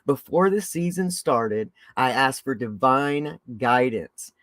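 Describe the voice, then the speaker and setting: A man hosting a live-stream recovery podcast, talking in an excitable, effusive way with big jumps in pitch and loudness. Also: slow pace, dry recording. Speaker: podcast host.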